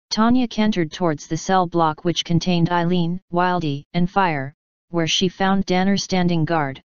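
A woman reading fan fiction aloud in a measured narration. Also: fairly low pitch, clean tone, no echo, lo-fi sound. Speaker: fanfiction reader. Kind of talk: audiobook narration.

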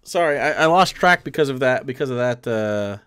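A man's voice: medium pitch, animated, fairly quick, fairly bright tone, clean tone. A man in his thirties streaming live, commenting casually on a video and rambling in an incredulous way with many fillers and restarts.

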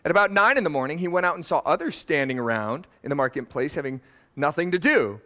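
Middle-aged pastor, lively sermon delivery, big swings from loud to quiet. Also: male voice, fairly high pitch, quick pace. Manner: animated, laughing, swings from loud to soft. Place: church sanctuary.

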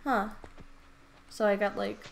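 A woman playing a video game and talking through it in casual commentary, excitable and gushing, often stammering and repeating herself. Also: mid-range voice, unhurried, a little hiss or hum. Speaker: let's play gamer.

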